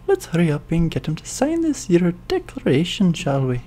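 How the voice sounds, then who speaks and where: A woman's voice: fairly low pitch, wildly swooping pitch, normal speed, warm tone. A woman voicing a brusque, bossy little spirit companion in a video game.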